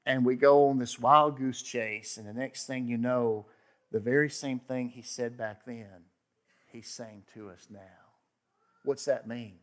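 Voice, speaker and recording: A man delivers a sermon in a conversational, storytelling way. His pitch sits in a middling range, and he swings between forceful emphasis and quiet, hushed asides. He acts out the people he quotes with sudden outbursts. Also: steady tone, a little slow. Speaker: pastor.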